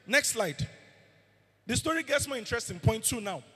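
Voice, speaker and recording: A man's voice: very high voice, expressive, normal speed, pushed and bright, husky. A man preaching a sermon as pastor, emphatic and asking the congregation questions. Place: church hall. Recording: long hall reverb.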